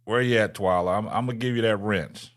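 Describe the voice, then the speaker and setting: His voice is lowish and a little fast as he hosts a relaxed livestream and talks with viewers in the chat. The male host ribs them, repeats himself, and keeps finishing phrases with "man."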